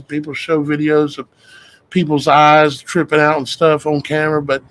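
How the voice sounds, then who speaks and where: Man host, folksy and meandering, pitched a bit high. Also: low-quality recording. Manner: rambling, conversational, folksy with "y'all guys". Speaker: show host. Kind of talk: casual talk to viewers.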